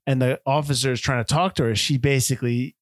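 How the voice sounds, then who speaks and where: A man's voice: medium pitch, fairly even intonation, quick pace, no room sound. A man co-hosting a casual movie podcast. He is agreeable and asks a lot of questions, often restarting his sentences. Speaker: podcast co-host.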